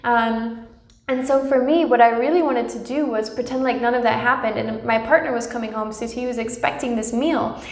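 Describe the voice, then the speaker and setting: A young woman hosting a spiritual channel, speaking gently and reassuringly to her viewers and often checking in with "right?". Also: a little high, fairly even intonation, normal speed, roomy sound. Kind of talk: personal spiritual talk to viewers.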